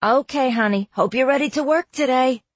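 Woman voicing a booming chirpy mom. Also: a little fast, no room sound. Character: cheerful middle-aged mother on the phone.

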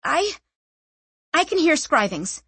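Brash defiant young woman, blunt and swearing, higher voice, played by the woman narrator. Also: very animated, takes it slowly, a bit bright, dry recording, exaggerated voice. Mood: urgent.

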